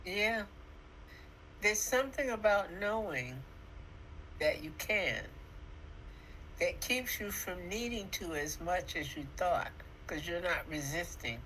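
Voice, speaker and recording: Brief: woman in her sixties, deep voice, unhurried, reflective and affirming co-host. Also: animated, a bit bright, a little hiss or hum, rough recording. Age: 60s. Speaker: podcast co-host. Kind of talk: casual chat.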